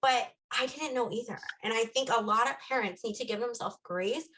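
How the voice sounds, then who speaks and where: A woman's voice: on the high side, a little fast, fairly bright tone, a little hiss or hum, poor audio. A woman co-hosting a parenting podcast, telling a candid personal story in casual chat and acting out bits of dialogue.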